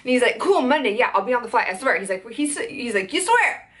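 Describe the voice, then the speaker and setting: Young woman, fairly high voice, fast worked-up venting, lots of swearing. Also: a little hiss or hum. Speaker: content creator. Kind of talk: venting storytime vlog.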